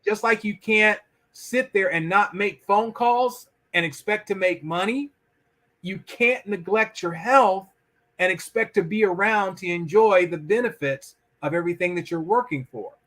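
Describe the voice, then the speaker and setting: A man with a high, bright and forceful voice talks as a guest in a conversational interview. He speaks emphatically and slips into little acted-out voices when he quotes people. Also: a little slow. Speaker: podcast guest.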